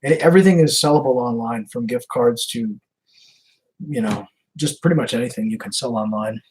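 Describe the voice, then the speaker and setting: A man's voice: medium pitch, a little fast, darkish tone, slight background noise, rough recording. A man hosting a casual live stream, reading messages aloud, chuckling and answering viewers as he goes. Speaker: livestream host baiting scammers.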